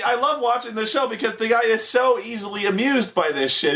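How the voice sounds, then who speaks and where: A man's voice: very high voice, a little fast, few pauses, pushed and bright. A man ranting sarcastically about a TV show, swearing a lot and mocking the people on it in exaggerated voices. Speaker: host reviewing a TV show. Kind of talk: ranting commentary.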